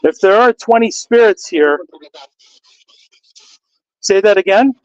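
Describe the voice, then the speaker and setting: A man's voice: high-pitched, lively intonation, slow, clean tone, no room sound, highs cut off. A man on a ghost hunt under a bridge, coaxing spirits with repeated questions. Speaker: ghost hunter. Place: outdoors under a bridge with traffic overhead.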